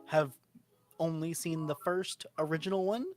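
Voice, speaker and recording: Casual co-host, deadpan quips, mid pitch, light music under. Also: moderate pace. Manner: dry, teasing quips. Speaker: podcast co-host. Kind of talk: casual chat.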